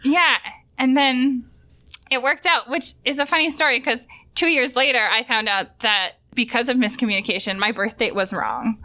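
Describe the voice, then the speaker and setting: A young woman chatting on a podcast with a bright, ringing voice that sits a little high. She spins quick anecdotes and slips into the voices of the people in her stories. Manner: chatty storyteller, acts out quotes. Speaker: guest. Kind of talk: casual chat.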